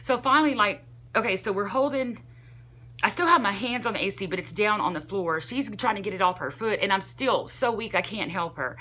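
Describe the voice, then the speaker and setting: A young woman vlogger telling a casual, rambling story, animated and full of "like" fillers. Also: medium pitch, a little fast, a little hiss or hum.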